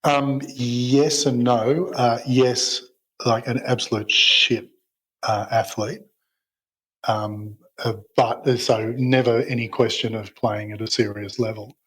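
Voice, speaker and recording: A middle-aged man with a husky, slightly rough voice talks casually as a guest on a business podcast. He hesitates, restarts his sentences and pokes fun at himself. His pitch sits in an ordinary middle range. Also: little pitch movement, takes it slowly, a bit bright, low-quality recording. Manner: hesitant, many fillers and restarts, self-deprecating. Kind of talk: casual interview chat.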